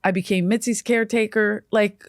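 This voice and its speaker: A woman's voice: mid-range voice, a little fast, no echo. Profane storytelling woman, dry close mic. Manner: profane, animated, acts out quoted voices. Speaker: comedian guest. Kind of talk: storytelling in casual chat.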